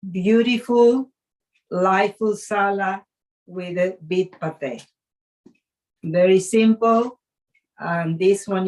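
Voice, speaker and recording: A woman chef leading a live cooking demonstration, speaking haltingly with fillers and restarts, an English speaker. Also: fairly low pitch, darkish tone, low-quality recording.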